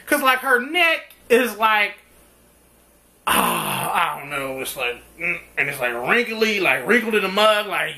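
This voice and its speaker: Man, casual TV recap, lively pitch, bright tone, slips into character voices. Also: a little slow. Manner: animated, acts out characters' lines mid-recap. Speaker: TV show reviewer.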